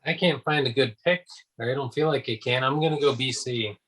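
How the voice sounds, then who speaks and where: A man's voice: mid-range voice, a little fast, a bit bright, poor audio. A man co-hosting a casual wrestling podcast, offhand in his picks. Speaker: podcast co-host. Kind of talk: casual chat. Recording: faint background noise.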